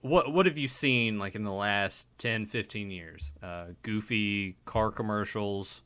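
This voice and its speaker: A man's voice: fairly low pitch, unhurried, fairly bright tone. A man co-hosting a fan podcast, talking casually with a lot of stammering restarts. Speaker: podcast co-host.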